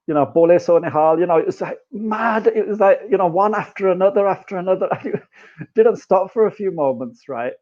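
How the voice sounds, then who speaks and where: British male guest, lively explainer, slightly high pitch, muffled call line. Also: fairly quick. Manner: animated storyteller, mixes in Punjabi phrases, says "right?" and "you know" often. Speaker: guest musician and academic. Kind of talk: casual explanatory chat.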